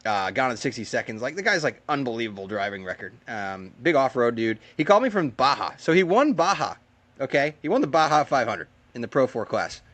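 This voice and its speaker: Chatty, fast-talking American man. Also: mid-range voice. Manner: animated, chatty, lots of fillers and acted-out quotes. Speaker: race car driver guest. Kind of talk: casual interview storytelling.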